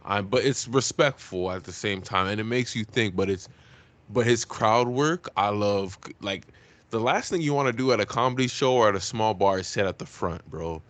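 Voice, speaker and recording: A man co-hosting a podcast in casual chat, full of slang and eager shout-outs. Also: on the low side, normal speed. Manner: enthusiastic, gives shout-outs, uses slang. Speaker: podcast co-host.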